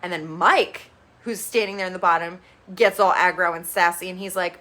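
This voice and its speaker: A woman's voice: fairly low pitch, moderate pace. A woman giving a casual, gossipy recap of a reality TV show, blunt and opinionated, swearing freely. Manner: chatty, gossipy storytelling with bursts of excitement.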